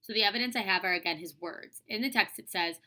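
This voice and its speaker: Young woman teacher, chatty read-aloud lesson, bright clear voice. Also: mid-range voice, fast. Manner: casual, chatty, lots of "like" and "um". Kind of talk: reading aloud and explaining a lesson.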